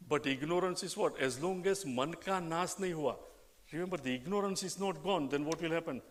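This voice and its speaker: A man's voice: on the high side, fairly quick. An older man giving a spiritual discourse, asking rhetorical questions and acting out little dialogues. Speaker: spiritual teacher. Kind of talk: Vedanta scripture discourse.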